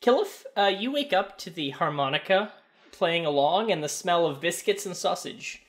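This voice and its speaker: Halting game master man narrating. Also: high-pitched, expressive, a bit bright. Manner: halting, with many fillers.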